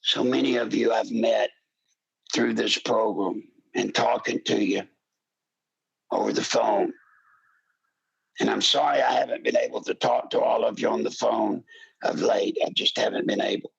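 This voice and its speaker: Gravelly older man, impassioned talk host. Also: on the low side, steady tone, moderate pace, pauses often, lo-fi sound. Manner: impassioned, pleading, rising to shouts. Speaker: radio talk show host. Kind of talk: political talk radio monologue.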